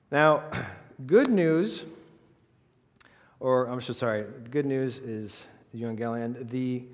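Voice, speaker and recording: A man's voice: medium pitch, a little mellow. A man preaching a sermon, emphatic and full of rhetorical questions aimed at the congregation. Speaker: pastor. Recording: long reverb of a large hall.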